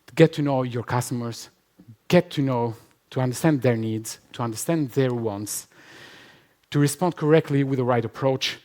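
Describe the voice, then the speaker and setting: A man's voice: medium pitch, normal speed, a little mellow. Emphatic man on stage. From Albania. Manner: emphatic, repetitive, laughs often. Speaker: conference speaker. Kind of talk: conference talk and Q&A. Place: conference hall with live audience.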